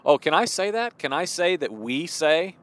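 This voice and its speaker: A man in his forties from Illinois with a slight Midwestern accent, talking casually from his car about faith, chatty and expressive, restarting sentences and chuckling. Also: fairly high pitch, moderate pace. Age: 40s. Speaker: Christian vlogger. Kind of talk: casual devotional talk while driving.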